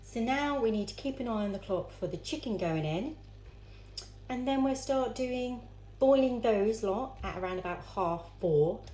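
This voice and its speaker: In an animated, dark-toned voice of medium pitch, a woman keeps up a moderate pace with few pauses while chopping vegetables for her cooking vlog. She chats casually to herself and her viewers in an echoey home kitchen full of clattering pans.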